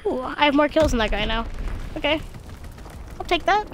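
A woman's voice: high voice, animated, moderate pace. A young woman with a slight lisp giving casual, tired and cranky commentary over her own gameplay, talking into a gaming headset. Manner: tired and cranky, mumbling asides to self. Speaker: gaming video creator.

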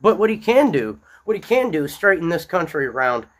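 A man's voice: on the high side, sing-song, a little fast, a bit bright. A man hosting an unscripted, angry political monologue, blunt and repetitive, speaking from his small-town home. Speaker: political commentary host.

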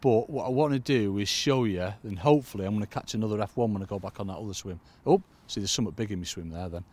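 Bloke, lowish voice, chatty fishing coach talking to the viewers outdoors by a lake. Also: male voice, fast, a little mellow. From United Kingdom. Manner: chatty, keeps addressing "folks". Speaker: angling coach. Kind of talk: casual fishing tutorial. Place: lakeside outdoors in cold weather.

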